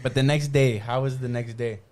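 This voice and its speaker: A man co-hosting a podcast, talking through his thoughts in a loose, rambling way. He leans on fillers and drops in swear words. His voice has a middle pitch. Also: steady tone, brisk, a little mellow. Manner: rambling, reflective, heavy with fillers and profanity. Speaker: podcast co-host. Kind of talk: casual chat.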